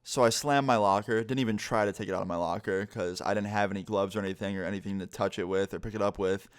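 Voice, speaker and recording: A man's voice: fairly low pitch, steady tone, quick pace, clean tone. A young man vlogger telling a story in a casual, rambling, profane way.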